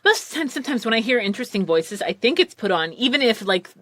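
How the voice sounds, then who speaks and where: A woman hosting a casual podcast chat, speaking with a slight lisp and animated, lively delivery. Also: on the high side, fast, no echo. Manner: lively, animated, full of acted-out quotes. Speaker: podcast host.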